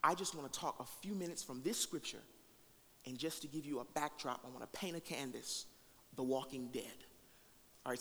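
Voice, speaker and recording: A man preaching to a congregation in a high, bright, forceful voice. He is animated, swinging from quiet asides to loud calls and drawing answers from the crowd. His voice rings with a long reverb through a large hall. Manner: animated, with big swings in loudness and call-and-response with the congregation. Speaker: pastor. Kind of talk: sermon.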